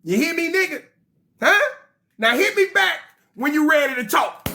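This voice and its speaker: A man voicing a cocky male alien rebel who boasts and makes demands over a phone call in loud slang. The voice sits well above his own. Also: extremely high pitch, lively intonation, normal speed, gravelly, pitched above the performer's own voice, exaggerated voice. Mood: boastful.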